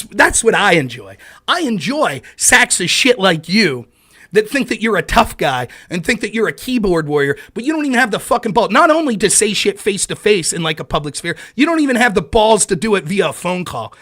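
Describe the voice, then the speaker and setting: Angry streamer guy ranting, cussing and mocking, pitch jumping all over, sharp bright voice. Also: big pitch swings, fairly quick. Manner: profane, sarcastic, taunting, bursts into shouting. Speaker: live stream host. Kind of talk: angry live-stream rant.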